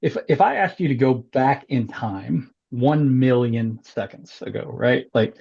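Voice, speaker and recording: A man talking as a guest on a casual podcast, animated, often repeating words and laughing. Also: mid-range voice, unhurried, gravelly, husky, muffled recording. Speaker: congressional candidate, guest.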